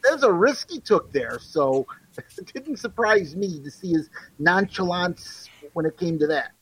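A man co-hosting a casual discussion, giving a measured, reasoned reply. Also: sits high, lively intonation, a bit bright, husky, rough recording.

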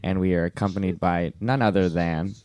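Very deep-voiced young man. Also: fairly even intonation, a little fast, a little mellow, a little hiss or hum. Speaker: podcast host. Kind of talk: casual chat.

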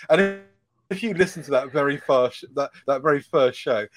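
A man's voice: a little high, normal speed, fairly bright tone. A man chatting as a podcast guest, telling rambling, self-deprecating stories with many restarts. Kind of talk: casual podcast chat.

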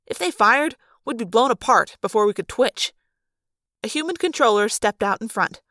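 A woman narrating a fan-read audiobook, telling the story in an expressive, dramatic way. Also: a little high, moderate pace, dry recording, studio quality. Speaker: audiobook reader.

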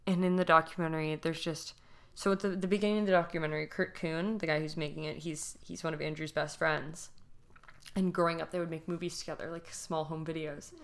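A young woman with a fairly low voice, talking through a true crime story on a casual podcast. She is emotional and restless, stumbling over half-finished phrases and fillers as she goes. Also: flat delivery, a little fast. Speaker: podcast co-host telling a true crime case.

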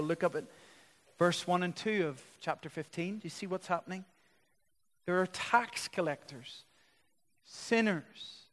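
A man with a high, slightly bright voice preaches a sermon full of animated storytelling that builds to emphatic lists. The sound is that of a big room.

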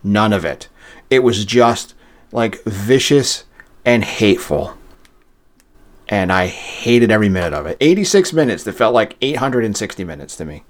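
A man's voice: on the low side, expressive, moderate pace. A man co-hosting a podcast, speaking bluntly and critically in casual chat. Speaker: podcast co-host.

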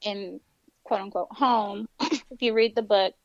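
A woman's voice: mid-range voice, measured pace, no room sound, highs cut off. Young woman telling a story. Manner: animated, acts out quoted voices. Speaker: guest telling her story. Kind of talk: casual storytelling.

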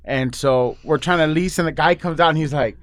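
A man, a podcast guest, telling a story in a casual chat, rambling and joking, quick to laugh. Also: fairly high pitch, a bit bright, no echo.

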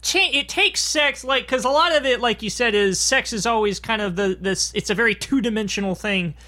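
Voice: mid-range voice, fairly quick, sharp tone. A podcast co-host talking about a film in a rambling way, full of fillers. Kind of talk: casual film discussion.

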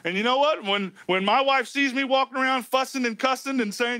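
A man preaching a sermon as a pastor, emphatic and folksy, swinging between loud lines and hushed ones. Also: very high-pitched, steady tone, fairly quick, dry recording. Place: church sanctuary.

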